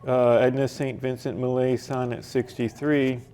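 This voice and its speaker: A man teaching a poetry workshop in a library, hesitating often with fillers and restarts, and reading verse aloud slowly with the stresses marked. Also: medium pitch, little pitch movement, warm tone, clear, resonant tone. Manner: reads verse slowly, marking stressed syllables.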